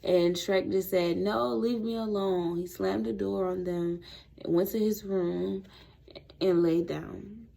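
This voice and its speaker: Gravelly-voiced woman retelling a story. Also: on the low side, slow pace. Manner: relaxed, conversational storytelling.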